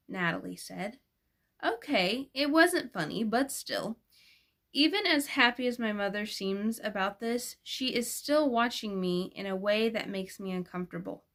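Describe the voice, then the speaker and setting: A woman's voice: mid-range voice, moderate pace, fairly bright tone. Woman reading a novel aloud. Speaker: audiobook reader. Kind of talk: first-person audiobook narration.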